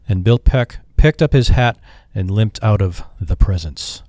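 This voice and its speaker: A man's voice: on the low side, measured pace, hardly any pauses, warm tone, no echo. Man narrating an audiobook, dry close sound. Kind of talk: scripted narration.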